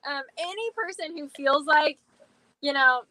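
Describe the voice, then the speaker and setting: A woman's voice: high-pitched, unhurried, bright, forceful tone, dry recording, poor audio. A young woman chatting casually on a live stream, bubbly and gushing, laughing often. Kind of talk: casual chat.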